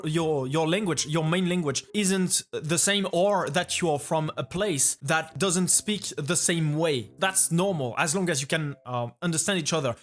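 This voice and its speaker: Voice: mid-range voice, fairly bright tone. A speaker from France with a French accent, casually reacting to a video as a vtuber, rambling and restarting phrases while thinking aloud.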